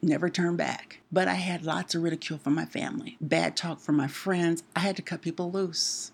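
A woman's voice: on the low side, brisk, vocal fry, few pauses, breathy edge. A middle-aged woman preaching a sermon, impassioned and building to emphatic peaks.

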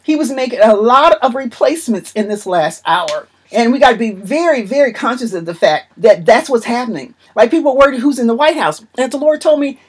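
Woman preacher, fairly high, breathy voice, emphatic and repetitive sermon delivery. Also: animated, brisk, hardly any pauses.

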